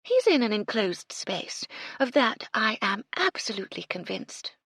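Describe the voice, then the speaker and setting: A woman voicing a mystical, condescending bohemian woman who speaks in drawn-out, mysterious murmurs. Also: on the high side, sing-song, a bit bright, husky, no echo, studio quality, pitched above the performer's own voice, heavily acted. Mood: eerie.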